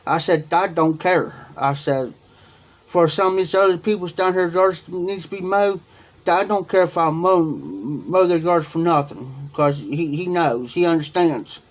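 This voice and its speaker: A man's voice: a little high, lively intonation, a little slow. A man hosting a livestream, telling a long personal story in a rambling way, repeating himself and quoting what was said. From Ohio. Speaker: livestream host. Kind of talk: casual storytelling to viewers.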